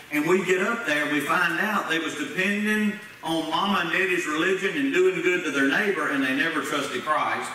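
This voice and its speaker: A man's voice: fairly high pitch, sharp tone. A man preaching a sermon as pastor, folksy and plain-spoken, putting questions to the congregation. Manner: folksy preaching with Southern-style grammar, asks the congregation questions. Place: church sanctuary. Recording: echoey church sanctuary from far off, faint noise.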